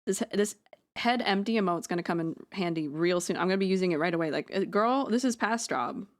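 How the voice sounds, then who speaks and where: A woman's voice: fairly low pitch, expressive, brisk. A woman streaming live from home on a close mic, chatting while she draws, rambling, joking at her own expense and swearing freely. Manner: rambling, self-deprecating, swears freely, jokey asides. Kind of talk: casual live-stream chat while drawing.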